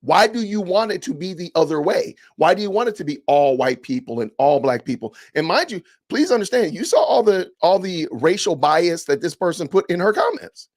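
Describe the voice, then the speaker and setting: A man hosting a podcast livestream, reading comments aloud with animated, indignant, preachy ranting. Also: high-pitched, a little fast, hardly any pauses. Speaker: podcast host.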